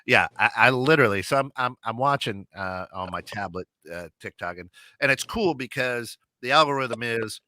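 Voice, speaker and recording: Bright-voiced man telling rambling stories. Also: mid-range voice, lively intonation, normal speed. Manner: rambling storyteller with many restarts and acted-out quotes. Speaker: co-host of an internet radio talk show. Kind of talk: casual chat.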